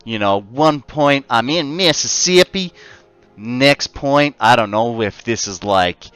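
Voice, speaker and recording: While playing a game on stream, an Australian man chats and jokes with his viewers in casual banter. His medium-pitched voice is expressive, smooth and fairly bright, and he takes it slowly. The recording is dry, with faint background music.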